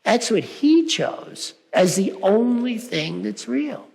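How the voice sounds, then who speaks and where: A man's voice: sits high, very animated, takes it slowly, vocal fry, a little mellow. A man preaching a sermon in a conversational way, often checking in with his listeners by asking "right?". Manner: conversational, frequent "right?" asides. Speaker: reverend. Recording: long hall reverb.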